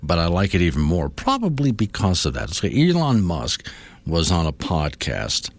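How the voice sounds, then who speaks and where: A man's voice: deep voice, wildly swooping pitch, moderate pace. A middle-aged man hosting a morning radio show, rambling and self-amused. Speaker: radio host.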